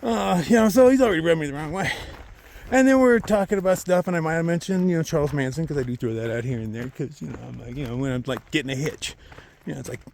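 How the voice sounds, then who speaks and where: Swearing hiker ranting outdoors. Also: male voice, on the high side, fast talker, gravelly, slight background noise. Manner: profane, animated rant that swings between loud outbursts and muttered asides. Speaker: long-distance thru-hiker vlogger. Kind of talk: casual storytelling. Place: outdoors on a hiking trail.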